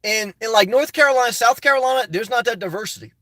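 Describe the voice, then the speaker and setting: High-voiced man chatting on a livestream. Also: quick pace, pushed and bright, no room sound, studio quality. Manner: chatty, reads viewer comments aloud and riffs on them. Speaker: YouTube channel host reading live chat. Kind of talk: casual livestream chat.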